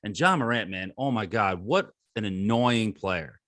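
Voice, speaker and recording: A man's voice: fairly low pitch, expressive, measured pace, a bit bright, no echo. A man co-hosting a casual sports podcast, joking and sarcastic, often laughing as he talks. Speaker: podcast co-host.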